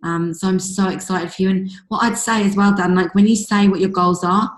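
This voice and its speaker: A woman's voice: mid-range voice, fairly even intonation, brisk, few pauses. Woman hyping up her team on a video call, voice kinda strained, rambly, echoey room. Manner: gushing, rambling, lots of likes and ums. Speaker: team leader hosting a group call. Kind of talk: motivational pep talk. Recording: roomy echo on a call.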